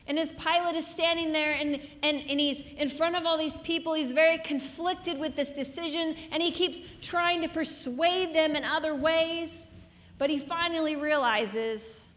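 A woman pastor preaching a sermon, reading scripture and praying in an earnest voice that sinks to a hushed near-whisper. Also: high voice, steady tone, moderate pace, reverberant, big-room sound.

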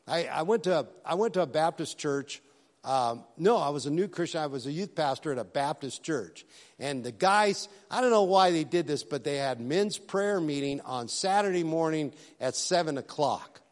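Male pastor, somewhat high voice, relaxed storytelling sermon with asides, long hall reverb. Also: normal speed. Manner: conversational storytelling preaching with asides.

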